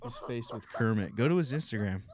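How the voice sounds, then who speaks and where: A man's voice: mid-range voice, lively intonation, brisk, slight background noise. A man hosting a comedy podcast, telling crude, rambling stories in casual banter. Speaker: podcast host.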